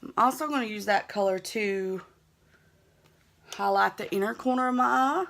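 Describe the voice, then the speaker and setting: A woman's voice: medium pitch, normal speed, gravelly, fairly bright tone. A young woman with a Southern US accent, chatting easygoing and self-teasing as she narrates a makeup tutorial. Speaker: beauty vlogger.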